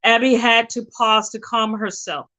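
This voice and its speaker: Woman reading a suspense novel out loud, bright voice, a bit high, dramatic. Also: normal speed, poor audio. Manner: expressive, dramatic storytelling. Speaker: reader.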